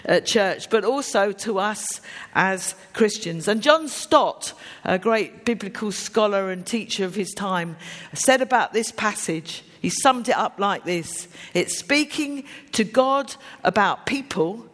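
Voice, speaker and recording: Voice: mid-range voice, lively intonation, a little slow, fairly bright tone. A preacher giving a conversational sermon to a congregation, putting simple yes-or-no questions to them. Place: church with a congregation. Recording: long reverb of a large hall.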